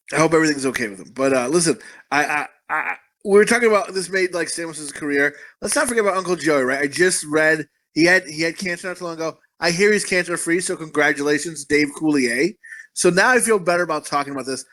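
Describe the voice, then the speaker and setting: Male co-host, profane rambling storyteller, slightly higher voice, loose comedic chat. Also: brisk, fairly bright tone. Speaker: podcast co-host. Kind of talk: crude casual chat.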